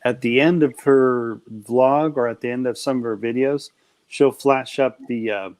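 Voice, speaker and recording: A man's voice: medium pitch, unhurried, a little mellow, clear, resonant tone. Teasing, playful man hosting a live stream. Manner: playful, teasing, laughs often. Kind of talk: casual group chat on a live stream.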